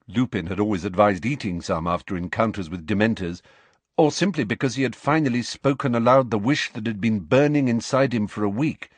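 A man narrating a storybook in an expressive, measured way. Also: mid-range voice, breathy edge, dry recording. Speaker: audiobook narrator.

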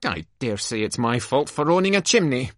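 A stern elderly headmistress, read aloud by an amateur reader speaks in a formal, dry manner. Her pitch leaps widely, and the sound is close and dry. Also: sing-song, moderate pace, fairly bright tone, no echo. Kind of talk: amateur play-script reading.

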